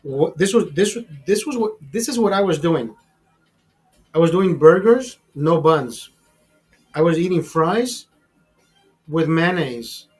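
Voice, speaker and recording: High-voiced man in his fifties, swearing. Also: expressive, slow, long pauses, a little mellow, faint music behind. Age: 50s. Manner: rambling, repeats words, swears freely. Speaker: show host. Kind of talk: casual profane storytelling. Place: streaming studio.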